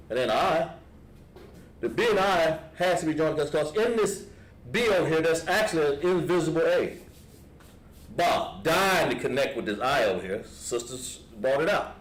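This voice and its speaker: A man with a Southern American accent, patiently explaining a lettering lesson step by step to a class. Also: a little high. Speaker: Hebrew lettering teacher. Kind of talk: classroom instruction. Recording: echoey room with background noise.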